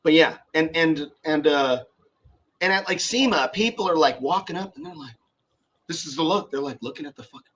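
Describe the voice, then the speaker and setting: A man's voice: fairly high pitch, moderate pace, a bit bright, husky. A young man in casual podcast chat about car audio, rambling and profane with many fillers and restarts.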